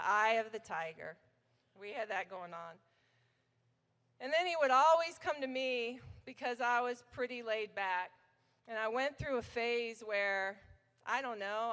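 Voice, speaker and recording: A woman's voice: on the high side, sharp tone. A middle-aged woman giving a chatty, anecdotal hall of fame acceptance speech at a banquet, telling stories about her old coach. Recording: long hall reverb.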